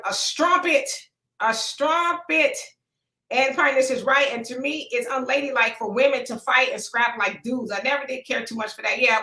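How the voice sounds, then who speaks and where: A woman's voice: on the high side, bright, forceful tone. A woman hosting a casual live chat, reading out viewer comments in a laid-back, folksy way and laughing often. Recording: echoey room.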